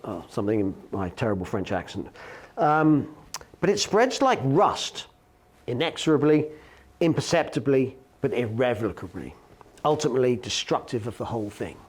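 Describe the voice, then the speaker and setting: An academic lecturer gives a philosophy lecture, explaining things in a measured way while often pausing on fillers and correcting himself mid-sentence. His voice is medium-pitched and a little mellow.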